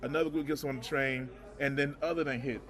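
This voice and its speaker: With a mid-range voice and brisk delivery, a man co-hosting a laid-back chat show spins wandering, animated stories. He tends to repeat words as he talks.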